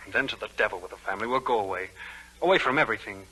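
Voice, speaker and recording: An ardent young lover, 1940s radio drama, fast, bright, pleading, faint hiss. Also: male voice, fairly low pitch, animated, husky, heavily acted, low-quality recording. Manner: urgent, pleading, breathless romantic. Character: Newland, an ardent young man in love.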